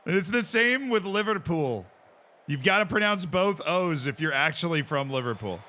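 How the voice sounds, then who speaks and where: A man streaming a football management game, chatting casually and reacting loudly to the play. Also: a little high, animated, fairly quick. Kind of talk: casual gameplay commentary.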